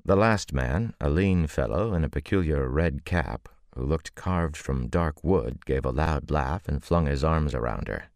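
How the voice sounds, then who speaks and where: A man reading a novel aloud as a measured audiobook narrator. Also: lively intonation, a little mellow, no echo, clean studio sound. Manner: measured, deep-voiced reading with voiced characters. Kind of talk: scripted narration.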